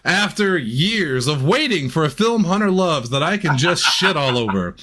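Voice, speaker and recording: A male podcast co-host with a lively voice that swings up and down and sits a little high for a man. He tells stories with animated energy and swears freely in casual comic chat. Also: normal speed, slight background noise.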